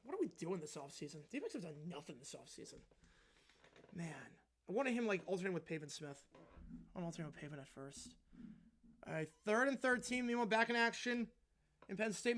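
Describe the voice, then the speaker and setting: A man hosting a live stream, giving play-by-play football commentary and answering viewer chat between plays, getting excited on big plays and relaxed on the asides. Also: a little fast, pauses often. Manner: rises into excited calls on big plays, drops low and casual when answering chat. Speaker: stream host calling games.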